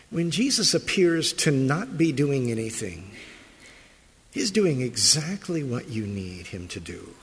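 A man's voice: a little high, creaky, a bit bright, slightly rough. A man preaching a morning sermon as pastor, emphatic and fond of rhetorical questions. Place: church sanctuary. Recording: long reverb of a large hall.

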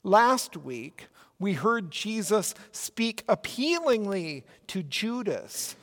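A pastor from Minnesota with a Minnesotan accent, giving an earnest, emphatic sermon with deliberate pauses. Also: male voice, high-pitched, big pitch swings, long reverb tail.

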